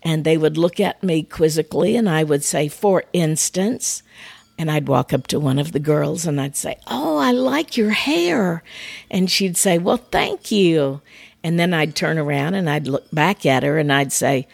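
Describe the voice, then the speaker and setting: Middle-aged woman, lowish voice, folksy storyteller hosting her faith podcast, dry close mic. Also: normal speed, vocal fry, darkish tone, no room sound. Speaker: podcast host and speaker. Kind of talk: faith-based podcast monologue.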